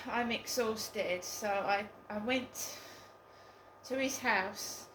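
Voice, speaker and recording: A woman's voice: mid-range voice, echoey room, noisy background. A woman telling a story in a casual vlog, hesitant and full of ums. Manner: slow, hesitant, with many ums. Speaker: vlogger.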